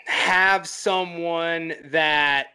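A man's voice: a little high, steady tone, extremely slow, pushed and bright, clean tone. A man co-hosting a film podcast, rambling enthusiastically with many fillers. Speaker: podcast co-host. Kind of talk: casual film podcast chat.

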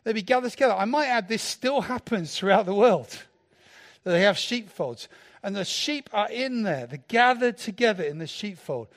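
A man with a high-pitched voice delivers a sermon at normal speed. He's playful and animated, joking with the congregation in front of him.

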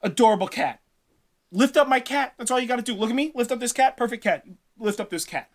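A man's voice: very high-pitched, fast talker, pitched above the performer's own voice. A man voicing a smug giant king who mocks his guest. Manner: taunting, smug.

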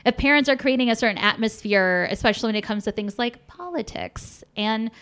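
A woman's voice: on the high side, fairly quick, fairly bright tone, clear, resonant tone. A young woman chatting casually as a podcast guest, frank and swearing freely, with lots of fillers.

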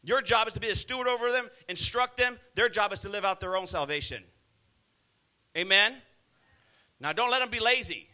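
A man's voice: sits high, moderate pace, sharp tone. A male pastor preaching a sermon in a church, blunt and scolding, often calling out to the congregation for an "amen.".

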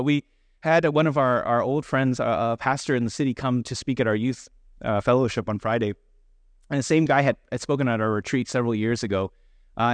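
Preaching with no room sound around him, a pastor speaks in a fairly high voice. He keeps the sermon conversational and self-deprecating, often voicing the people he quotes.

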